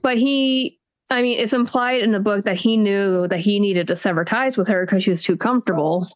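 A woman co-hosting a book review chat, talking casually and acting out her reactions with quick put-on voices. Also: medium pitch. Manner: chatty, acts out reactions in quoted voices. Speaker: book podcast co-host.

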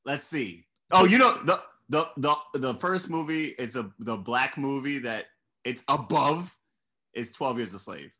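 A man co-hosting a comedic film podcast, talking in an animated, sarcastic way and swearing often. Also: mid-range voice, unhurried. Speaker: podcast co-host. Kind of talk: casual comedic film discussion.

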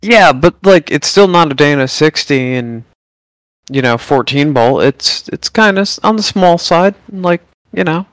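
A man with a smooth, resonant voice chats casually as a podcast co-host, relaxed and loose with the swearing. The sound is dry and close, with no room around it. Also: on the high side, measured pace, dry recording, low-quality recording. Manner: laid-back, swears freely. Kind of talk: casual chat.

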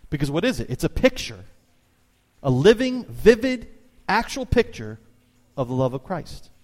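Animated preacher man in a reverberant hall. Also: normal speed. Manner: animated storytelling preacher, voice jumps high for emphasis. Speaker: pastor. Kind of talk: sermon. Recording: long reverb of a church hall.

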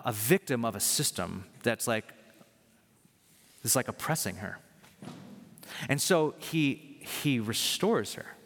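A man's voice: mid-range voice, a bit bright. A man preaching a sermon in an earnest way, building to emphatic points. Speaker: pastor. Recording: long reverb of a large hall.

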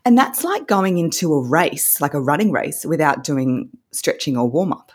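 A woman's voice: low voice, big pitch swings, normal speed, breathy edge. A woman, a voice coach, explaining her course in an upbeat, instructive way as an interview guest. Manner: upbeat, instructive, demonstrates vocal techniques.

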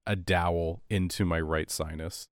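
A man with a sinus cold and a lowered voice, chatting casually and telling stories on a podcast. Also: unhurried, clean tone, no room sound, studio quality. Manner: storytelling, animated. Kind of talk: casual chat.

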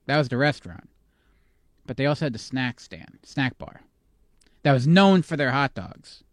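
A man's voice: medium pitch, lively intonation, moderate pace, no room sound, clean studio sound. A man co-hosting a podcast, rambling in a nostalgic, jokey way with many fillers. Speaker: podcast co-host. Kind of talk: casual chat.

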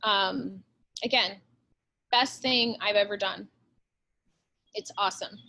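A woman's voice: medium pitch, fairly even intonation, bright, forceful tone. A woman, a real estate agent talking bluntly and with plenty of swearing in a casual podcast interview. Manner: blunt and profane, fast-flowing pep talk.

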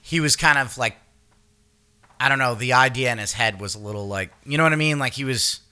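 A man recapping a TV series in casual chat, animated and swearing freely while acting out reactions. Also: medium pitch, a little fast, smooth. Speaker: podcast co-host.

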